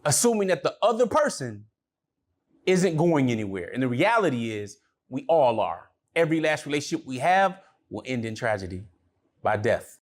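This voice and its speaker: A man's voice: mid-range voice, sing-song, moderate pace. A middle-aged man, a relationship coach, talking casually to camera, telling stories in a conversational way and dropping in religious phrases.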